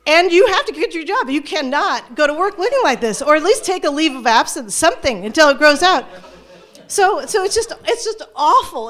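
A middle-aged woman telling a personal story to an audience, animated and self-mocking, often restarting her sentences. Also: high-pitched. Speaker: storyteller, former teacher.

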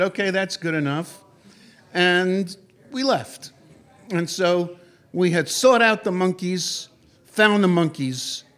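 A man with a high voice telling a personal anecdote. He talks animatedly and wanders, with frequent fillers and restarts. His storytelling is conversational and lively.

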